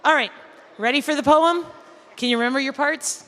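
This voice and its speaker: A woman's voice: high-pitched, brisk, a bit bright, a little hiss or hum. A woman teacher leading an audience through a call-and-response poem, coaxing them to make animal sounds. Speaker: teacher leading a school poetry event. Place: school hall or gym, indoors. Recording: echoey hall, faint room ambience.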